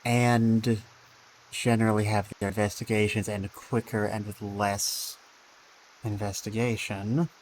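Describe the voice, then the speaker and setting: Man streaming a game, low voice, musing, dry asides, thinking aloud. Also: little pitch movement, a little slow, darkish tone, a little hiss or hum, poor audio.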